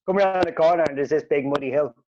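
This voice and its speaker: A man telling a sweary, animated story as a podcast host, his voice jumping up when he quotes himself. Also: a little high, rapid-fire, a little hiss or hum. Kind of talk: casual storytelling. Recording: dull lo-fi podcast audio.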